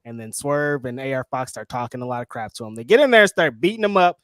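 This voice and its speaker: Animated man recapping wrestling. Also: quick pace, clear, resonant tone, no echo, studio quality. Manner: animated storyteller, acts out quotes in high voices. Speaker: co-host.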